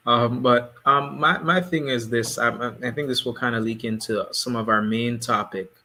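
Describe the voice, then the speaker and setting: A man co-hosting a casual panel discussion, speaking in a measured, explanatory way. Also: medium pitch, fairly even intonation, pushed and bright. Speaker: podcast co-host.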